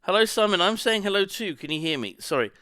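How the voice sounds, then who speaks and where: A man's voice: high voice, expressive, fast, bright, forceful tone, clean tone, dry recording, clean studio sound. A man chatting casually to his stream audience, rambling as he reacts to chat and swearing now and then. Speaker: live streamer.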